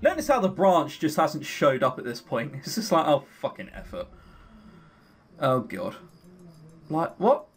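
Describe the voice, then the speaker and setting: A man's voice: fairly high pitch, wildly swooping pitch, a little slow, long pauses, slightly rough. A man joking sarcastically while playing a visual novel. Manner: sarcastic, jokey, sweary asides. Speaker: let's play host. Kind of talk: casual visual novel commentary.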